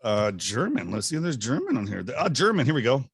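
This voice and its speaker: A man's voice: medium pitch, sing-song, fairly quick, slightly rough, dry recording, studio quality. A man co-hosting a comedy podcast in casual chat, joking and laughing often. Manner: joking, laughs often, plays text-to-speech voices from his phone. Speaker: podcast co-host.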